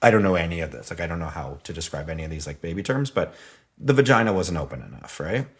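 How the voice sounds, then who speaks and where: Male podcast guest, 30s, low-pitched, animated storyteller who laughs and swears a lot. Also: fast talker. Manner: animated, swears freely, laughs while telling stories. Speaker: podcast guest, comedic musician. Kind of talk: casual storytelling chat.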